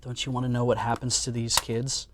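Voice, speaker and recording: A man's voice: mid-range voice, monotone, fairly quick, noisy background. A man hosting a live stream, chatting casually and joking with stumbling restarts. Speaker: stream host.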